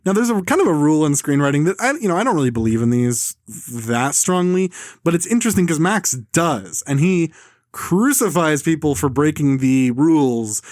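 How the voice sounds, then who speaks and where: A man's voice: fairly high pitch, expressive, normal speed, darkish tone, no echo, clean studio sound. A male podcast host reading a screenplay aloud in casual chat, sarcastic and critical.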